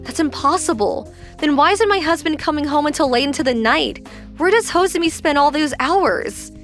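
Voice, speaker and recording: A worried, accusing young wife. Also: female voice, high voice, lively intonation, moderate pace, a bit bright, soft background music. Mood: pleading. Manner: pleading, confrontational.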